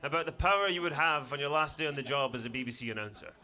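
A man's voice: on the high side, very fast, sharp tone. A Scottish man with a Glaswegian accent doing a profane stand-up set with dry punchlines in a comedy club. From Scotland. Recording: noisy live comedy club. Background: audience laughter.

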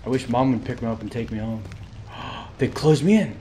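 A young man streaming a game live, reacting excitably, swearing and laughing at what happens on screen. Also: medium pitch, moderate pace, a little hiss or hum. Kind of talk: live gameplay commentary.

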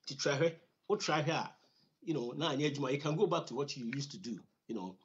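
A man's voice: a little high, expressive, quick pace. A man with a Ghanaian accent giving a conversational finance lesson, repeating words for emphasis and using many fillers. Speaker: financial educator. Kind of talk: teaching talk on personal finance. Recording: slightly dull lo-fi recording.

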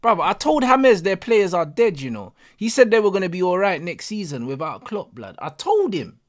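A young man, reacting live to a football match as a streamer, excitable and full of slang. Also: high voice, moderate pace. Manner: excitable, slangy, repeating exclamations. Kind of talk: live watch-along reaction.

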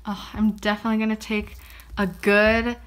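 A woman's voice: mid-range voice, completely flat delivery, moderate pace. A young woman vlogging casually as she unboxes presents, bubbly and gushing, often gasping and saying how pretty things are. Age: young adult. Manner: bubbly, gushing, frequent gasps and laughs.

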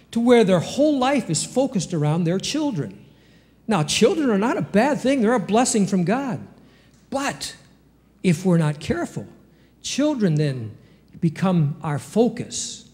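A man preaching a sermon as pastor, with rhetorical questions and sudden jumps up in pitch. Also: a little mellow. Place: church sanctuary. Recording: long reverb of a church hall.

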